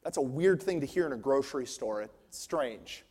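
A man's voice: mid-range voice, lively intonation, moderate pace, darkish tone, husky. A young man preaching a sermon on stage, telling personal stories and building to fervent, emphatic preaching. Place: large church hall on stage. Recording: long hall reverb.

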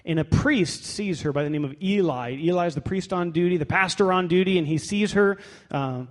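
A man's voice: high-pitched, brisk. A man pastor preaching a sermon in a conversational, wry way, reading scripture aloud in a church. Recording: long hall reverb.

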